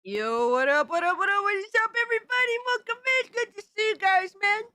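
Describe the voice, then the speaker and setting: A woman hosting a live stream, hyped and profane, rattling off shout-outs to chat in casual banter. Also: very high-pitched, brisk, dry recording, studio quality.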